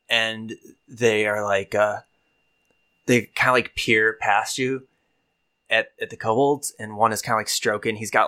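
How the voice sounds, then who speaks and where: A man's voice: lowish voice, sharp tone. Easygoing man narrating as game master. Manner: casual, hesitant, many fillers.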